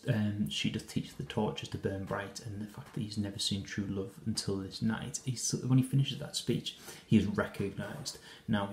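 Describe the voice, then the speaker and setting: In a roomy-sounding space, a male English teacher with a lowish voice and darkish tone explains a scene from a play as part of a lesson. His walkthrough is full of hesitations and restarts.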